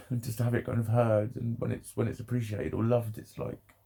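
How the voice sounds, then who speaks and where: A man's voice: mid-range voice, flat delivery, fairly quick, gravelly, mellow, breathy edge. A man rambling emotionally in a personal vlog, laughing often and swearing a lot. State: emotional, near tears. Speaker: vlogger.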